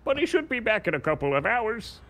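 A man in a game roleplay making goofy, deadpan absurd jokes. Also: sits high, brisk. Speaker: roleplay player. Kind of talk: GTA roleplay in character.

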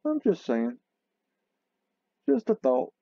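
A man hosting a video, talking loosely and excitedly over photos, often exclaiming and swearing. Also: fairly high pitch, takes it slowly, creaky, breathy edge, no room sound, muffled recording. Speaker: video host. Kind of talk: rambling commentary over photos.

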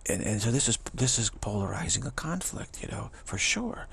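Gravelly low-voiced man, rambling commentary. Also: very animated, a bit bright, slight background noise. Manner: chuckling, halting, with many restarts. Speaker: spiritual commentator.

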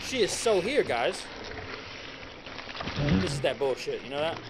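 A man commentating casually and profanely while playing a horror game, yelling when startled. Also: on the high side, big pitch swings, measured pace. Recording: loud game music under voice.

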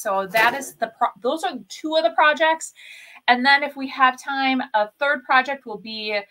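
Bright, chatty woman hosting a live craft stream. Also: medium pitch. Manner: chatty and upbeat, greets viewers and reads their comments aloud; rambling, with frequent fillers and self-corrections. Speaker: host of a furniture-flipping craft channel. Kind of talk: casual live-stream chat while crafting.

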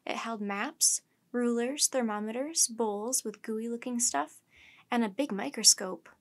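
Female storyteller for a kids' chapter book; gentle, measured, slightly high voice. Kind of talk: reading a children's book aloud.

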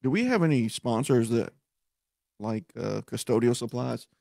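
A man's voice: mid-range voice, animated, normal speed, gravelly, dark tone, no room sound, studio quality. A man on a radio show tossing in wisecracks and chuckling asides. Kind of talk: bawdy studio banter.

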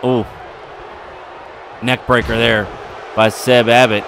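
A man giving excitable play-by-play commentary over a wrestling video game, getting louder at the big moments. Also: medium pitch, slow, gravelly, noisy background. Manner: excitable, building to yelling at near falls.

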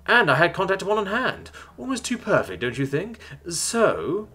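A brisk, chirpy woman officer on a call, as a male narrator plays her, voiced high with lively ups and downs. Her tone is bright and a touch breathy. Storybook narration. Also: exaggerated voice.

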